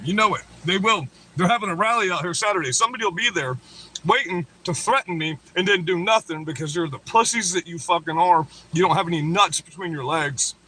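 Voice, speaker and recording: High, bright-voiced man ranting profanely. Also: a little hiss or hum, low-quality recording. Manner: crude, profane, taunting. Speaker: livestream host. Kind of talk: ranting livestream monologue.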